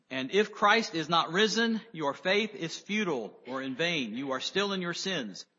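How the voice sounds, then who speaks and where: A man giving a sermon, reading scripture slowly with emphasis and then explaining it in a conversational way. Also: high-pitched, sharp tone. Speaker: preacher. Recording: dull lo-fi audio with long hall reverb.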